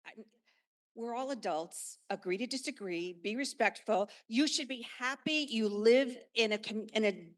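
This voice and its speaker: A woman's voice: fairly high pitch, normal speed. An older woman, a longtime resident, giving a frustrated but polite comment at a town meeting.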